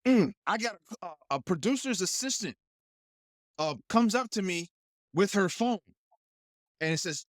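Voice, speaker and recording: A man's voice: sits high, unhurried, pauses often, no room sound, clean studio sound. A man who is a guest actor, telling a story in casual chat and animatedly acting out the voices he quotes. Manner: animated, acts out quoted voices, laughs often.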